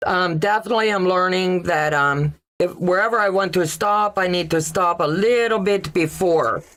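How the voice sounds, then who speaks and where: A woman's voice: on the low side, moderate pace, fairly bright tone. A woman hosting a casual sewing livestream, chatting and reading viewer comments aloud.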